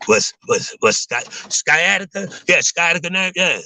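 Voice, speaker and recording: A young adult man chatting casually to his viewers, rambling in loose slang and filling every pause with "man" and "you know what I'm saying.". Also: a little high, lively intonation, creaky, pushed and bright, rough recording. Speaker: vlogger talking to viewers. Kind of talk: casual livestream chat.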